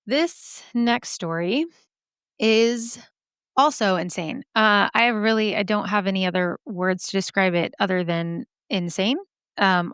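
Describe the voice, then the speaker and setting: A woman podcast host talks into a close microphone in a casual, candid way, cursing freely and laughing at herself between thoughts. Her voice sits at an ordinary middle pitch. The recording is dry, with almost no room sound. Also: a bit bright, clear, resonant tone, no room sound. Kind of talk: casual chat reacting to listener stories.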